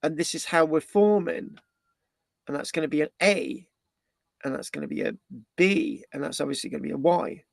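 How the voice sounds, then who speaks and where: Male history presenter from Britain, slightly high voice, dry close sound, loose rambling lecture delivery with many restarts. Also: expressive, moderate pace, vocal fry, dry recording. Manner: rambling, with frequent restarts and tag questions. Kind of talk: live online history talk.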